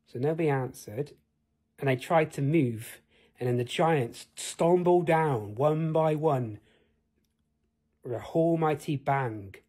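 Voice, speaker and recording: A man's voice: fairly high pitch, slow pace, darkish tone, breathy edge. A man telling an improvised fantasy tale in a rambling way, asking the listener questions. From United Kingdom. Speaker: storyteller.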